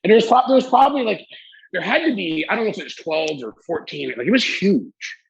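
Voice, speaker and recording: Speaking fast and very animatedly, this man has a high voice with vocal fry and a breathy edge, captured in dull audio. He's a Canadian wrestling executive in his forties, a guest in an interview who tells stories animatedly, imitating the people involved and swearing casually.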